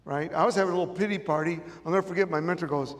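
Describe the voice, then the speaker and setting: This middle-aged Chicago-accented man talks very fast in a slightly high, steady voice during a motivational stage talk. He is emphatic and keeps repeating his key phrases, while the event room, audience present, adds a long reverb of a large space.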